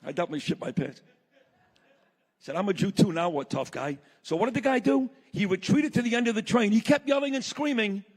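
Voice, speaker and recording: A man giving a blunt, impassioned speech to a live audience, telling a story from the stage. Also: extremely high pitch. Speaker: summit speaker. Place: large hall. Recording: long reverb of a large hall.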